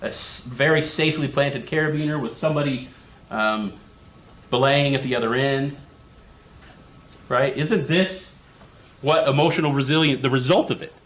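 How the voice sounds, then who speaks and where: Speaking at a conference, this therapist tells stories in a conversational style, acting out how a parent and a child might sound and often checking in with listeners by asking "right?" He has a mid-range voice, keeps a moderate pace, and pauses frequently.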